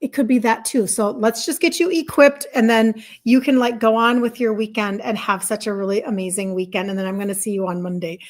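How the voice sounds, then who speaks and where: Woman, middle-aged, health coach, livestream chat, upbeat, fired up, higher voice. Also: fairly even intonation, fairly quick, few pauses. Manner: upbeat, reads viewer comments aloud, fired up.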